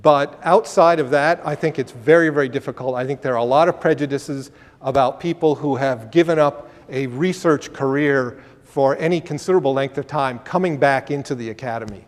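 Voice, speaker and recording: A man's voice: mid-range voice, fairly quick, long reverb tail. A man giving a career workshop, answering audience questions in an emphatic, conversational way and often restarting his phrases.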